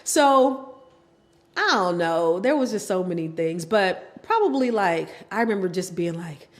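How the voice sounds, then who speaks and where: A woman's voice: on the low side, a little slow. A middle-aged woman, a podcast guest, telling her personal story candidly and acting out what family members said. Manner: animated, acts out quoted family members.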